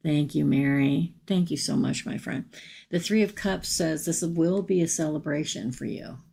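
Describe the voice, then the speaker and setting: A middle-aged woman with a low, creaky, mellow voice and a breathy edge speaks at normal speed. Emotional after crying all night, she does a live-stream tarot reading, chatting casually, exclaiming over the cards and greeting viewers by name.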